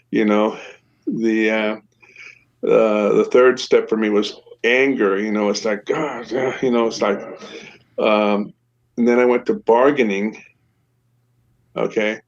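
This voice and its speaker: An older man telling a personal story in a casual, halting way, full of fillers and restarts, with wry laughs. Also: fairly low pitch, vocal fry. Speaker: podcast guest recounting a shootout. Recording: dull lo-fi sound.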